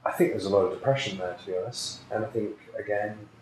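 A man's voice: fairly low pitch, fairly even intonation, quick pace, a little mellow. A man, a psychic healer, telling a personal story in an earnest, reflective way during an interview. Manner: earnest, reflective, acts out quoted voices. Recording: echoey room, faint noise.

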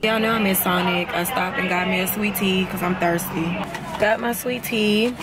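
A woman's voice: mid-range voice, fairly even intonation, moderate pace, heavy background noise. A young woman chatting casually to her viewers in a vlog, calling them y'all. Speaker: vlogger.

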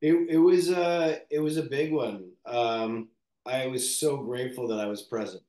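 A man from Canada, an actor, speaking candidly in an interview in a reflective, halting way with many fillers and restarts. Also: medium pitch, warm tone, roomy sound.

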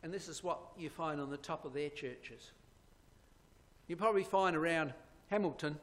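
A man with a fairly high voice delivers an emphatic sermon-style lecture, pointing out slides and throwing rhetorical questions at his listeners. His voice rings with a long reverb that fills the hall. It sounds like a church hall. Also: moderate pace. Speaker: Bible prophecy lecturer.

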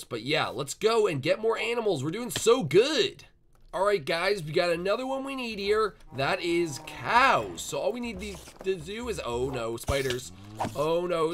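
A man hosting a Minecraft roleplay video, chattering excitedly and coaxing the game animals along. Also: sits high, slight background noise. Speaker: gaming channel host.

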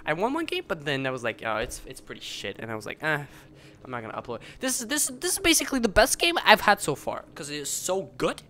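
Excitable, swearing man gaming. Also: a little high, fast, a little hiss or hum. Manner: excitable, profane, swings between mutters and shouts. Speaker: gamer commentating his own match. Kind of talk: live gameplay commentary.

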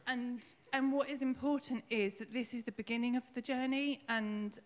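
A woman tells her story of faith at her baptism, her voice a little high and often close to tears. She talks haltingly, with many small fillers, and a long church reverb trails behind her words. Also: fairly even intonation. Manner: emotional, tearful, halting with fillers. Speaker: baptism candidate giving testimony. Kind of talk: personal testimony in church. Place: church hall.

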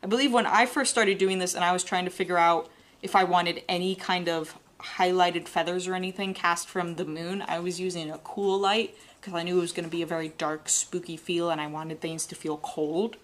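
A woman with a fairly low voice leads a live drawing demonstration. She talks in a relaxed, chatty way while she works, walking viewers through each step. Her tone stays that of an instructor. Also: brisk. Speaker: art instructor.

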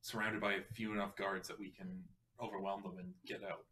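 A man's voice: low-pitched, flat delivery, fairly quick, sharp tone, far from the mic. A man playing in a tabletop game who muses and reasons through plans. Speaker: player. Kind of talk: casual tabletop play. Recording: voice away from the mic.

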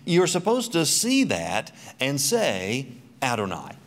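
A man's voice: mid-range voice, wildly swooping pitch, slow pace. A middle-aged man giving a church Bible teaching talk, full of joking, self-mocking asides.

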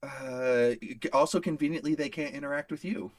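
A man's voice: mid-range voice, moderate pace, no room sound. A man playing a tabletop role-playing game, talking hesitantly with many fillers. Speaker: player. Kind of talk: casual tabletop role-play.

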